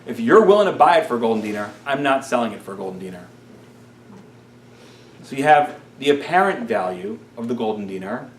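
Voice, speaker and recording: A man's voice: medium pitch, echoey room, distant mic, a little hiss or hum. A man, a rabbi, telling a story in a Torah class and acting out the characters' lines.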